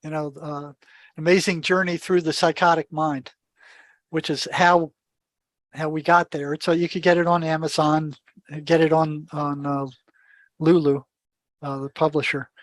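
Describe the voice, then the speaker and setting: A man's voice: fairly high pitch, measured pace, long pauses, no room sound. An older man, a podcast guest, telling stories with animation, acting out dialogue and often repeating and restarting his words. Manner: animated storyteller who acts out dialogue. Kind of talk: storytelling in an interview.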